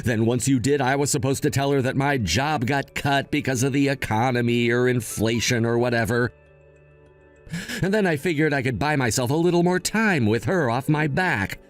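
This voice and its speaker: A man's voice: medium pitch, moderate pace, faint music behind, natural voice. A man voicing a scheming, entitled brother who talks smugly and whines when caught out. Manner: smug, whining. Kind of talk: text-story voice acting.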